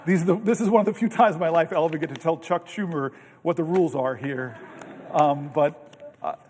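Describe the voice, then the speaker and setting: A man's voice: fairly high pitch, fairly quick, a little mellow, slight background noise. A senator in his fifties giving a long floor speech, telling anecdotes with many restarts and self-interruptions. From United States. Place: large legislative chamber. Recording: distant mic in a reverberant chamber.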